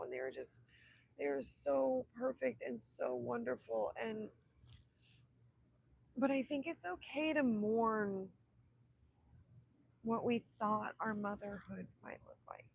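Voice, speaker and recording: A woman's voice: fairly high pitch, expressive, unhurried, gravelly, breathy edge, dry recording, rough recording. A woman in her thirties hosting a casual livestream chat with viewers, heartfelt and emotional, often dropping to a whisper. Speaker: livestream host.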